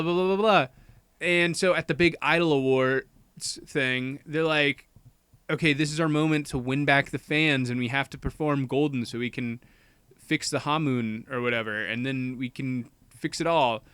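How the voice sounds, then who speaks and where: A young man casually recapping a movie plot as a podcast co-host, rambling with lots of "like" and quick quoted voices. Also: a little high, a bit bright, smooth, no echo.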